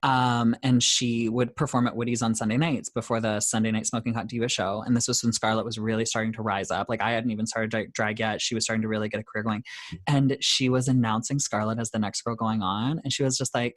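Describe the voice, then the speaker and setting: A man's voice: mid-range voice, fairly even intonation, fast, a bit bright. A young man from Canada, a drag queen guest chatting on a podcast, giggly and gossipy with freely dropped swear words. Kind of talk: casual chat.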